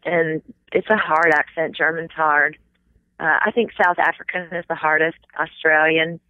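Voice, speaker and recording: Chatty Southern-raised actress on a tinny line. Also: female voice, low voice, moderate pace, no echo. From American South. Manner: chatty, animated, demonstrates accents in passing. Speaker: Broadway actress, guest. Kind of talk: casual interview chat. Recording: tinny phone-like dry sound.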